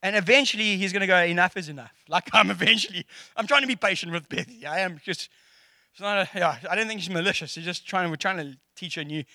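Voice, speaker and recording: Middle-aged South African man, bright and high for a man, close dry sound, preaches a casual sermon with jokes and acted-out quotes. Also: fast talker, no room sound. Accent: South African English. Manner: animated and jokey, acting out quotes.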